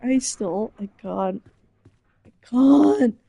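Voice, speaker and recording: A young woman with a high, breathy voice talks slowly in an unhurried casual chat. She sounds flustered and embarrassed, restarting her sentences as she rambles. The sound is close and dry. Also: dark tone, no echo.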